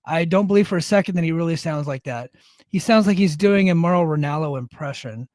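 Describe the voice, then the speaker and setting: A man co-hosts a podcast, speaking in a higher register and giving blunt opinions with casual swearing. The recording is dry and close, with no room sound. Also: a little fast, a little mellow, no echo. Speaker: podcast co-host. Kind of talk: casual chat.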